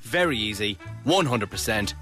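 A man's voice: on the low side, animated, normal speed, over loud music. A man with an Irish Mayo accent, a radio presenter co-hosting a podcast, trading teasing, mock-indignant banter.

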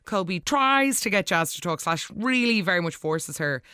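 Animated soap recap host, dry sound. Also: mid-range voice, clear, resonant tone, no room sound. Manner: animated, gushing, quick asides. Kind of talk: casual episode recap.

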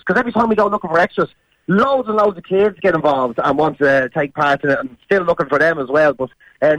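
A man with a Dublin accent, a guest in a casual radio interview, chatty and quick to laugh. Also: sits high, a bit bright, no echo, low-quality recording. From Dublin, Ireland. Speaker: actor guest.

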